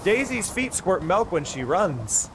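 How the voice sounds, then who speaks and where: A man chatting playfully and excitably with viewers during a live gaming stream. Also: sits high, unhurried, background noise. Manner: playful, excitable, talks to chat.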